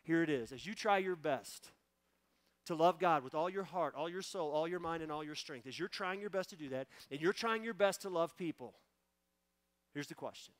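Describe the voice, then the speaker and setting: A man's voice: on the high side, normal speed, no echo. A man in his forties, a pastor preaching a sermon and then praying, speaking with fervent emotion and repeating key phrases for emphasis. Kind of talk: sermon ending in prayer. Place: church sanctuary.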